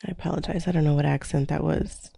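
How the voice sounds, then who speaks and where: Woman host, candid chatty delivery, mellow low voice, dry close mic. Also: fairly even intonation, fast talker, vocal fry, husky, no echo. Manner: chatty, candid, swears freely. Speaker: podcast host. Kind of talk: casual chat. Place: her living room at home. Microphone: studio microphone.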